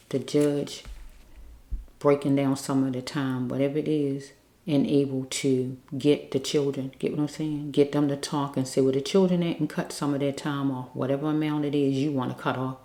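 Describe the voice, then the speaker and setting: Low, mellow woman reading cards. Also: echoey room. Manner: repetitive, keeps checking in with listeners; earnest, pleading. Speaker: card reader. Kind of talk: spiritual card reading monologue.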